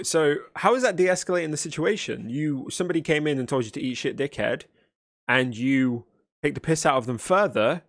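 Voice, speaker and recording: A man talking back at a video he is reacting to. He is blunt and exasperated and lectures at length. His voice sits at a middling pitch, and the recording is dry and close. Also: no room sound. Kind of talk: argumentative reaction commentary.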